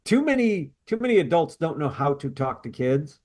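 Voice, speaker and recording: A man's voice: on the high side, sing-song, normal speed, a little mellow. A man co-hosting a podcast, chatting casually and telling stories with quoted asides. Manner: rambling, storytelling with quoted asides. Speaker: podcast co-host. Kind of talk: casual chat.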